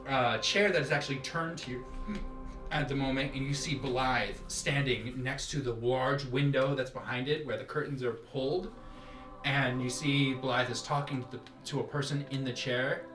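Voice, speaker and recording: A man narrating as game master of a tabletop game, describing scenes in an animated way. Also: mid-range voice, moderate pace. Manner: animated, laughing through scenes. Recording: echoey room with music.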